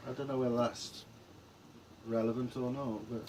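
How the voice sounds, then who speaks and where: A man's voice: medium pitch, level tone, normal speed, darkish tone. An English man co-hosting a vlog in casual chat, rambling and trailing off mid-sentence. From England. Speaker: vlog co-host.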